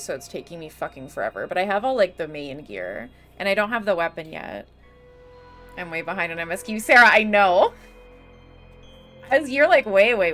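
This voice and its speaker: A woman's voice: on the low side, a bit bright. Young woman streamer just chatting w chat while she games, swears a lot, lots of likes and laughs, faint music behind. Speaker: game streamer. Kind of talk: casual live-stream chat. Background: faint game music.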